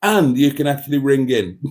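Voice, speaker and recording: Livestream host, man, a bit tipsy, lively pitch, laughs a lot while reading comments. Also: unhurried. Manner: chatty, laughs often, reads comments aloud. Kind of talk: casual livestream chat.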